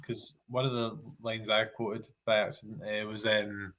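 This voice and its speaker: A man's voice: lowish voice, level tone, moderate pace, a bit bright. A man with a Scottish accent, rambling and self-correcting as he chats casually about a film on a podcast. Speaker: podcast co-host.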